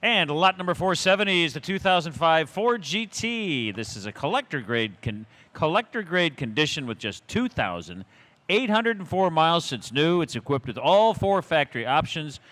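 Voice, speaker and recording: A male announcer reads a lot description in a formal, informative way. His voice sits slightly high, with a lively, animated rise and fall. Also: normal speed.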